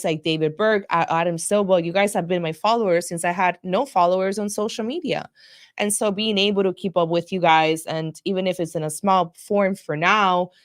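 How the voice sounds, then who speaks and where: A woman co-hosting a casual political chat show, blunt, sarcastic and quick to swear as she tells stories. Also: medium pitch. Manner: animated storytelling. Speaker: co-host.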